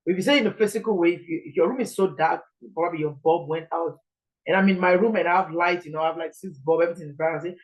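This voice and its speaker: A woman's voice: on the low side, fast, low-quality recording. A Nigerian woman preaching an informal sermon in an earnest, pleading way, repeating her points.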